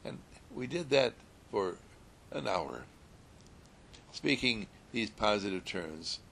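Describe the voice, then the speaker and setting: A man telling a story in a gentle, soothing sermon style, repeating calm affirmations. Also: fairly low pitch, takes it slowly, creaky, a little hiss or hum.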